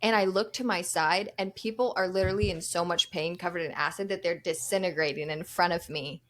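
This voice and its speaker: Lower-voiced woman telling a story on a podcast. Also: fairly even intonation, brisk. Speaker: podcast co-host. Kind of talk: casual storytelling chat.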